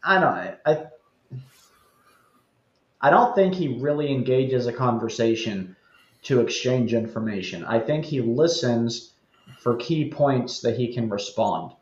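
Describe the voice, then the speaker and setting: A man's voice: medium pitch, expressive, a little slow, echoey room, lo-fi sound. A man chatting as a guest, talkative and wry as he explains his views. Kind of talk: casual chat.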